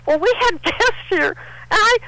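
A woman's voice: very high voice, moderate pace, no room sound, low-quality recording. An older woman from Texas, a guest in a casual interview, telling stories animatedly and acting out the people she quotes. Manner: animated storyteller, acts out quotes.

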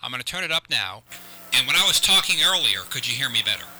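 Bright-voiced male radio host. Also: mid-range voice, very animated, quick pace, slight background noise, poor audio. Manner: earnest, repeats himself, lots of restarts. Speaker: radio call-in show host. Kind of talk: live call-in radio chat. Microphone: close studio microphone.

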